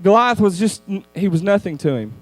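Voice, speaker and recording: Man, high voice, dry close sound, animated conversational youth sermon. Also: a little fast, no room sound, faint music behind. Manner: conversational, animated storytelling with laughs. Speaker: youth speaker.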